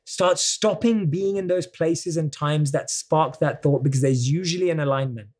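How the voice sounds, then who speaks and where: A man's voice: a little high, moderate pace, a little mellow. Earnest british man, coaching tone. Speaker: podcast guest. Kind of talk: motivational interview talk.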